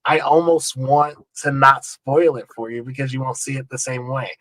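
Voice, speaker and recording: Male guest producer; relaxed and repetitive, bright edgy voice, dry close sound. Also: mid-range voice, normal speed, no room sound, rough recording. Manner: easygoing, many repeats and fillers. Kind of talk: casual interview chat. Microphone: remote call setup.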